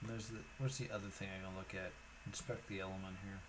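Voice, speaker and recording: A man's voice: low voice, flat delivery, fast, noisy background. Musing man thinking aloud over a puzzle. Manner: musing, hesitant, many fillers. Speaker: streamer. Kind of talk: thinking aloud while solving a puzzle game.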